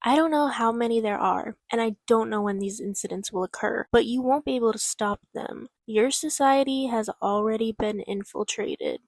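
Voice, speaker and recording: A woman reads aloud as a grave young woman issuing a warning. The delivery is calm and ominous, pitched slightly high. The sound is close and dry. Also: vocal fry, dry recording.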